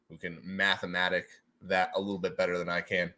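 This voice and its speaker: A man with a low, fairly quick voice hosts a casual livestream and runs giveaways. He's excitable and goofy, laughing often and slipping into silly voices.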